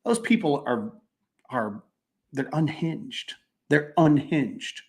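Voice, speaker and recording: A man with a slightly high voice hosts a casual chat. He tells stories animatedly, repeats himself for emphasis, and slips in and out of quoted voices. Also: animated, takes it slowly, gravelly. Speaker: podcast host.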